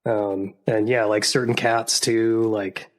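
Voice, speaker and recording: A man's voice: fairly low pitch, flat delivery, slow pace. Rambling laid-back male podcast host. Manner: rambling, laughs often, many fillers. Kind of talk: casual chat.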